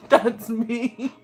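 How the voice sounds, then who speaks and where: Young woman livestream host, giggly and squealy, slow easy delivery over faint music. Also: fairly high pitch. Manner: giggly, laughs constantly, squealing reactions. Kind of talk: casual livestream chat.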